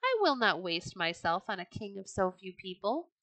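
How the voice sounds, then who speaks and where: A woman's voice: medium pitch, very animated, normal speed, a bit bright, no echo. A woman voicing a proud young Viking princess who speaks in a haughty, scornful way.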